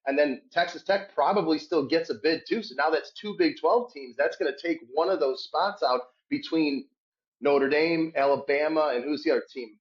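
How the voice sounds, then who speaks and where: A man telling a rambling, animated sports story in a casual podcast chat. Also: moderate pace. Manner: animated, shouts quoted hecklers in a high voice. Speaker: podcast guest. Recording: dull lo-fi sound.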